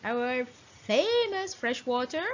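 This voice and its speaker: A woman teacher giving a children's lesson, talking in an animated, sing-song way and making playful animal sounds. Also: high voice, slow pace, highs cut off.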